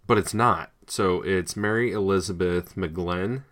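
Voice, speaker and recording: A man with a very low voice co-hosts a casual podcast chat. He wanders through his thoughts, filling gaps with "uh" and "like" and restarting his sentences. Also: a little slow, fairly bright tone. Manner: rambling, hesitant with many fillers. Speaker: podcast co-host.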